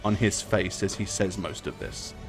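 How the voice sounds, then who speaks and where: A man acting as game master, narrating a tabletop game in a relaxed way with many fillers. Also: deep voice, moderate pace, soft background music.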